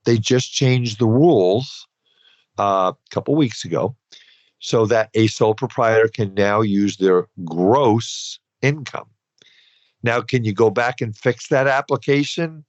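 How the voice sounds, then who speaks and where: A man's voice: lowish voice, measured pace, no room sound. A man hosting a podcast, explaining financial rules in a conversational, advisory way with loose asides. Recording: dull, dry podcast recording.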